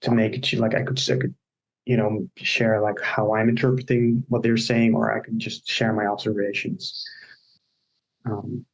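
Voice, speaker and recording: Gravelly-voiced man explaining coaching examples. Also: on the low side, flat delivery, moderate pace, muffled recording. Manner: explains by walking through examples and anecdotes. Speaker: agile coach, podcast co-host. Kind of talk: casual discussion on coaching.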